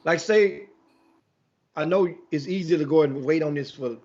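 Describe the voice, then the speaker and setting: Male sports talk host, higher pitched, loose and rambling, heard on a lo-fi recording. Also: moderate pace. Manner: rambling storyteller, animated, with many restarts.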